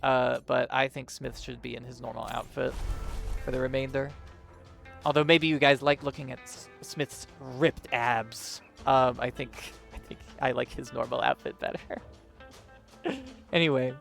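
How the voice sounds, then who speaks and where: Gravelly, chatty game streamer man. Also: medium pitch, steady tone, moderate pace, a bit bright, soft background music. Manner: chatty, swears, laughs at himself. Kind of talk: casual let's-play commentary.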